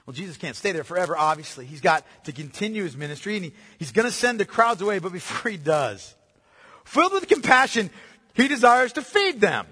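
A man preaching a sermon, animated, calling listeners "beloved" and sometimes dropping to a hush. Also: sits high, a little fast, slightly rough. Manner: animated preaching, addresses listeners as beloved, drops to hushed tones. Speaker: pastor. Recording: long hall reverb.

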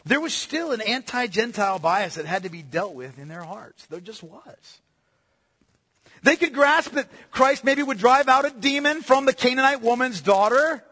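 Animated preacher man in a reverberant hall. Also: very high-pitched, moderate pace. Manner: animated preaching, addresses listeners as beloved, drops to hushed tones. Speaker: pastor. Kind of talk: sermon.

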